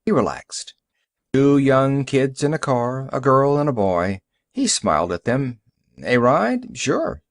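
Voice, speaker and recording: A man's voice: mid-range voice, a little slow, no echo, studio quality. A man reading a short story aloud as an audiobook narrator, telling it steadily. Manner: steady storytelling with varied voices. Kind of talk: scripted narration.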